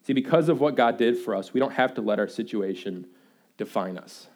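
A young man preaching a sermon in a church, telling playful, animated stories about his baby son. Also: medium pitch, brisk. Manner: animated storytelling, excitable and playful. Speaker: pastor.

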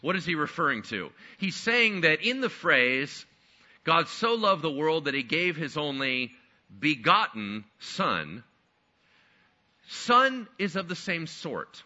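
A man preaching a sermon in a high, very bright voice that swings up and down through its range. He is animated and slips into the voices of doubting listeners. The sound is a little dull and lo-fi. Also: takes it slowly. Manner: animated, acts out skeptical listeners. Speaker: pastor.

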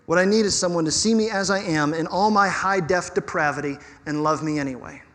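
A pastor preaching a sermon in an animated, conversational way with touches of humor. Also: male voice, sits high, fairly quick, big-room sound.

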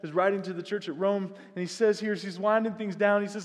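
A man preaching a sermon, earnest, rising to loud emphatic peaks and dropping to soft, hushed passages. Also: high-pitched, steady tone, quick pace, few pauses. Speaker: pastor. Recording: long hall reverb.

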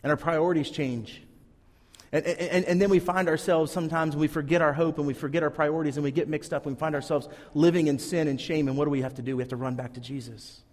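A man's voice: fairly high pitch, fairly even intonation, fast talker, darkish tone, big-room sound. A man preaching a sermon, telling a Bible story earnestly and acting out the characters' lines. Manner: earnest storytelling, acts out quotes. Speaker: pastor.

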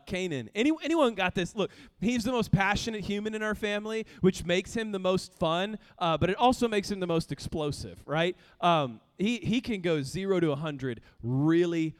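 A male pastor preaching a sermon, telling stories with laughter and sudden bursts of shouting, in a long-echoing hall. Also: a little high.

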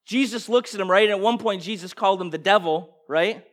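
A male preacher with a fairly high voice delivers an impassioned sermon. He pushes hard with rhetorical questions, then drops into quiet, intense stretches. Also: brisk. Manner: impassioned, swings from loud bursts to hushed intensity, rhetorical questions.

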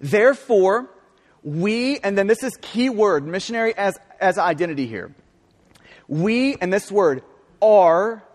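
A man preaching a sermon, earnest and emphatic, often restarting his words as he presses a point. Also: high-pitched. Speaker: pastor. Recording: long hall reverb.

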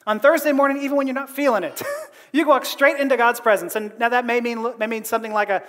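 High-voiced man preaching in a big hall. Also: fast talker. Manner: animated, laughs often between phrases. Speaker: pastor. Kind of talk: conversational sermon.

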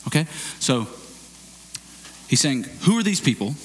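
A man preaching a sermon as pastor, explaining a scripture passage and acting out bits of dialogue in a raised, excited voice. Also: fairly high pitch, a little slow, long pauses. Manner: animated, acts out dialogue in raised voice.

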